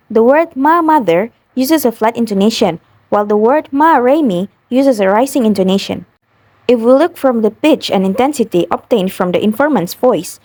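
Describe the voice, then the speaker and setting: A young woman from Indonesia, a university student, narrating a prepared phonetics explanation in a careful, even reading voice. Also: mid-range voice, no room sound. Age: young adult. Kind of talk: scripted narration.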